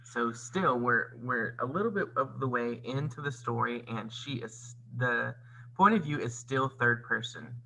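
A man reading a storybook aloud like a teacher, pausing to explain the story. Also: medium pitch, creaky, slight background noise, rough recording. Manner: expressive, teacherly. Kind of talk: read-aloud storybook narration with comments.

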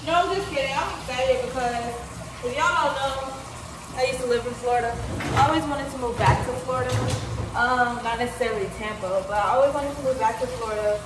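A woman's voice: fairly high pitch, brisk, recorded from a distance. A young woman at home chatting on her boyfriend's vlog, with dry teasing comebacks. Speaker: vlogger's girlfriend. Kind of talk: casual vlog chat. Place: home, indoors. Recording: echoey room, off-mic, clear noise.

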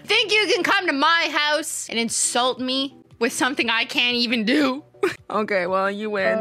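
A woman's voice: on the high side, expressive, moderate pace, over music. A woman in her thirties hosting a livestream, roasting viewers' work with sarcastic, teasing remarks and frequent laughter. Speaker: nail art YouTuber and livestream host.

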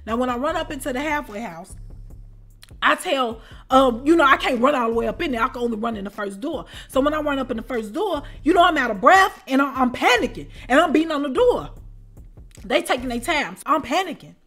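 A woman with a high voice tells a personal story in a relaxed storytime chat. She is animated and keeps asking her listeners whether they follow her. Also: fairly quick, faint music behind. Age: adult with children. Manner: animated, keeps asking "you know what I'm saying?". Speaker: storytime channel host. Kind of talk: casual storytime.

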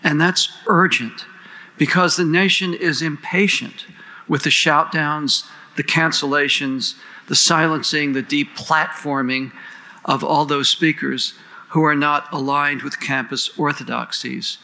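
Gravelly, bright-voiced man giving a formal speech. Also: on the high side, steady tone, unhurried, poor audio. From United States. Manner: earnest, rhetorical, lists and questions. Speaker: panel moderator introducing speakers.

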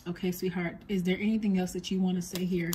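A woman psychic medium giving a spoken reading to her viewers, talking softly and earnestly as she relays what a spirit tells her. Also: on the low side, little pitch movement, quick pace, background noise.

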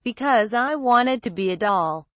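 A woman's voice: a little high, animated, a little slow, a bit bright, no echo. A small, frightened girl from a spoken horror story who wants to become a doll, voiced by a woman. She speaks in short, plain, childlike phrases. The recording is dry and close. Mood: small, scared.

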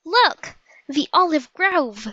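A woman's voice: sits high, a little slow, no echo, muffled recording, voice pushed up. A woman doing a bold, eager little girl crying out. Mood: urgent. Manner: urgent, excited cries.

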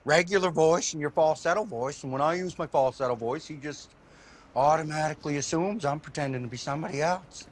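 A man's voice: a little high, a little fast, lightly acted. An actor playing an earnest, fussy trailer park man who is eager to explain himself. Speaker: karaoke singer.

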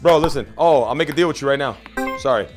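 A man hosting a gameplay video, brash and profane, joking and bursting into shouts. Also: mid-range voice, fast, over music. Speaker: gaming video host. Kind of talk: casual gameplay commentary.

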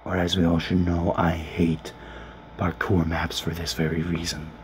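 Man, low monotone whisper, profane muttered gameplay commentary from a closet. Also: measured pace. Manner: hushed, grumbling, profane. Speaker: let's player. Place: small closet. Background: faint background noise.

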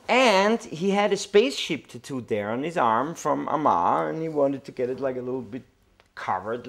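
A man's voice: mid-range voice, moderate pace, gravelly. A tattoo artist, a man whose first language is not English, telling an anecdote in an interview and acting out the voices. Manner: animated storytelling, acts out voices.

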